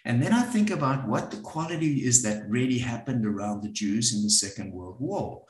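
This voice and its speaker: A middle-aged man facilitating a group, telling a personal story in a reflective, halting way with many filler words. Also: mid-range voice, animated. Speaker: workshop facilitator. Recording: roomy echo.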